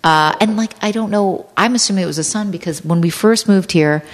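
A woman actress and improviser, a podcast guest who tells rambling, animated anecdotes full of "like". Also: medium pitch, fairly quick, in a large hall. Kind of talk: casual storytelling chat.

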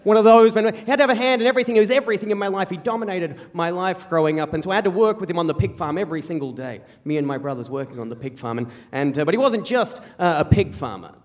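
A young Australian man tells a comic story from his own life with a high, lively voice. He speaks at a quick clip, tripping and repeating words as he hurries along, animated and self-mocking throughout. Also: long reverb tail. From rural South Australia. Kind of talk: live personal storytelling. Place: stage before an audience.

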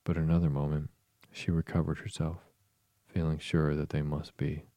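A man narrating a storybook in a steady, even storytelling manner. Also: very deep voice, normal speed, no room sound. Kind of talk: storybook reading.

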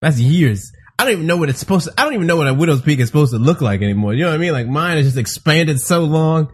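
A man hosting a casual podcast chat, joking and swearing as he tells animated stories. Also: on the high side, rapid-fire, slightly rough. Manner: profane, joking, animated storytelling.

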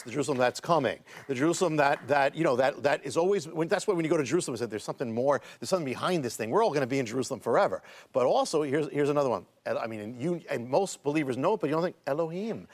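A man, a guest author, explaining Hebrew scripture words in conversation, halting with many restarts before building to emphatic points. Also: on the high side. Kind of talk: casual Bible teaching in conversation.

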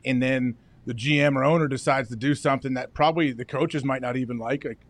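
A man co-hosting a sports talk show who explains his points in a relaxed way, with plenty of fillers. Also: medium pitch, fast. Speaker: co-host, former football player.

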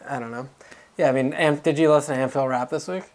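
A man's voice: mid-range voice, fast. A man co-hosting a podcast, chatting casually about football with many fillers and restarts. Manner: relaxed, rambling, frequent fillers. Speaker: podcast co-host.

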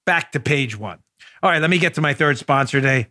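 A man's voice: on the high side, very animated, normal speed, pushed and bright, no echo. A middle-aged man hosting a political podcast, talking emphatically and jokingly through commentary and sponsor reads. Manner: emphatic, jokey, riffs and does mock voices. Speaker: podcast host.

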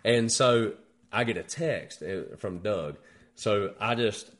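An American man casually telling a hunting story with animated, profane delivery. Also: fairly low pitch, slow. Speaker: guest hunter.

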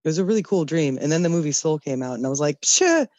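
A woman caller rambling through a story, hesitating with "uh" and "like". Her voice is mellow and dark, and it sounds dry and close. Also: sits low, very fast, dry recording. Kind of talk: casual storytelling.

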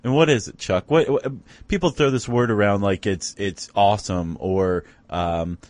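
A man's voice: lowish voice, moderate pace, darkish tone, no room sound. Dry-sounding chatty male podcast co-host. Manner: chatty and wry, with many fillers and restarts. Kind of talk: casual conversational podcast.

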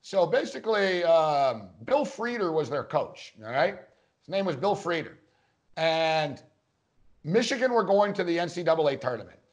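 A man's voice: fairly high pitch, big pitch swings, moderate pace. A man co-hosting a casual sports podcast, telling a long rambling story and acting out quotes along the way. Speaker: podcast co-host.

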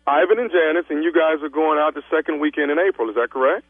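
A man making a prank phone call as a fake travel agent, stammering and feigning calm composure. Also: on the high side, quick pace, gravelly, no room sound. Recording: tinny phone line.

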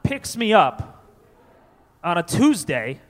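A man's voice: high voice, very animated, takes it slowly. A man from Connecticut doing a loose, self-mocking stand-up comedy set, slipping into voices. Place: comedy club stage. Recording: live in a reverberant club.

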